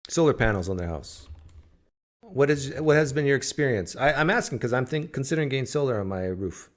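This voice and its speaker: This livestream host talks from home in a mid-range voice that's expressive and fairly quick. He keeps the chat casual, responding aloud to his viewers' comments.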